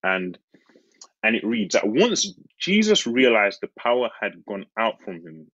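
Husky guy preaching, voice swings up and down a lot, kinda dull lo-fi dry recording. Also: very animated, a bit bright, dry recording. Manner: earnest, slows on key phrases, laughs and jumps high acting out the disciples. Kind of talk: sermon.

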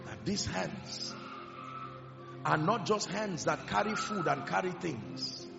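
Male preacher, impassioned sermon, high animated voice, slightly dull recording. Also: slow, gravelly. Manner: impassioned, swinging from loud declarations to hushed emphasis. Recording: echoey hall with music behind, dull sound. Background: music.

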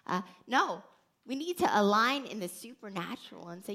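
Bright, gravelly-edged woman preaching. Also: mid-range voice, moderate pace. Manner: earnest, animated storytelling with many restarts. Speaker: podcast host. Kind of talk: faith teaching podcast.

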